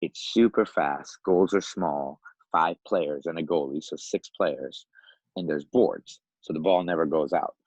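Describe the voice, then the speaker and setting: A man in his fifties from Iran, a podcast guest telling his life story in a lively, animated way, often laughing and acting out the voices of other people. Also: rumbling low, measured pace, breathy edge, dry recording, muffled recording. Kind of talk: casual storytelling.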